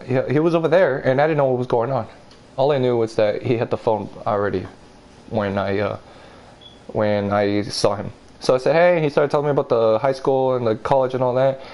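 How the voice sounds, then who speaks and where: A young man telling a story casually, rambling and swearing, putting on a higher voice for quotes. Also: gravelly, a little mellow, slight background noise.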